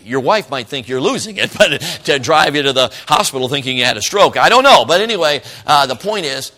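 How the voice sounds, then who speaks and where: A middle-aged man preaching a sermon, telling a folksy story with frequent laughs and swings between loud and hushed. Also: medium pitch, very animated, fairly quick. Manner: folksy storytelling, frequent "you know what I'm talking about".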